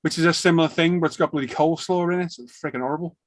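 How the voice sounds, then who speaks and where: A man's voice: fairly high pitch, very fast, no echo. Chatty man with a dry close sound. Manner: animated storyteller acting out shop exchanges. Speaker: live stream host. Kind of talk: casual chat.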